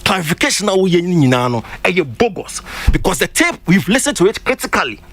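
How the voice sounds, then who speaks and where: A man's voice: high-pitched, very animated, fast, fairly bright tone. A Ghanaian man on a radio panel, lecturing critically and switching between English and Twi. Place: radio studio.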